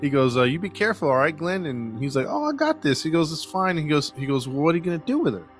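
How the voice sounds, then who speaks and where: A man hosts a casual podcast and tells a story in an animated way. He drops into the voices of the people he quotes and laughs often. Faint music sits behind him. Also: fairly high pitch, racing. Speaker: podcast host.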